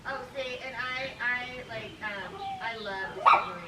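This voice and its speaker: Brief: woman neighbor, halting casual chat, slightly high voice, distant outdoors. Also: a crowd in the background.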